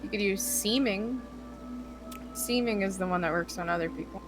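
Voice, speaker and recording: A woman playing a tabletop game, blunt and quick with rules corrections, heard with music in the background. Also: mid-range voice. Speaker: player. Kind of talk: casual tabletop game chat.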